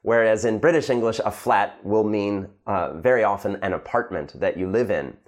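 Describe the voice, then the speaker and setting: An American man teaching English vocabulary in a relaxed, explanatory way, with small fillers. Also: lowish voice, normal speed. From United States.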